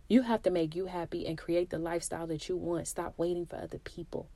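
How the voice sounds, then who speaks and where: Candid podcast woman, low dry voice. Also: steady tone, fast talker, few pauses, dark tone, dry recording. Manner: candid, emphatic, talks straight to listeners. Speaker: podcast host. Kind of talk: casual motivational monologue.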